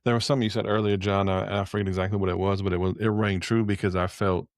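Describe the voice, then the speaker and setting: Man, very low voice, measured and reflective, dry close sound. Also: level tone, dry recording. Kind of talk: casual chat.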